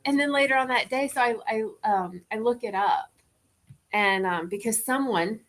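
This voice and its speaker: Guest woman with a fairly high voice, animated and laughing often as she tells a story. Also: moderate pace. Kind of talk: casual storytelling chat.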